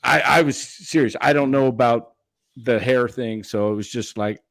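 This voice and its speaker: A man's voice: medium pitch, creaky, fairly bright tone, no echo. Earnest man defending himself, dry sound. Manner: defensive, earnest, halting restarts. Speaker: panelist. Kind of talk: casual sports talk chat.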